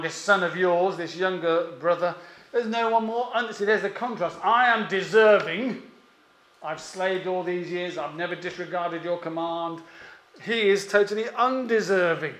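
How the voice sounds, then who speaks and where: A man preaching a sermon, emphatic and pausing often, with rhetorical questions. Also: high-pitched, fairly bright tone. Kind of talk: expository sermon. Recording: echoey room.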